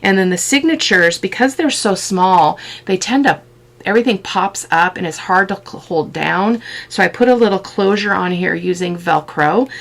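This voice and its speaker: A woman's voice: medium pitch, normal speed, fairly bright tone. A woman hosting a casual crafting video, chatting fondly about tiny details as she shows her work at a desk. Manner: chatty, fond of tiny details, thinks aloud.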